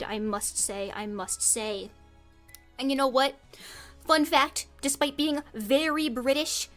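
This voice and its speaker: A woman's voice: on the high side, a bit bright. A woman performing a mock-dramatic comedy skit as a streamer, theatrical and giggly. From United States.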